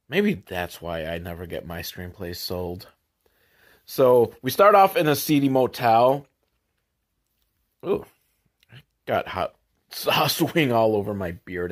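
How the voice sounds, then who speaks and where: Man, podcast host, comedic movie recap, rambling, sarcastic asides, low mutters.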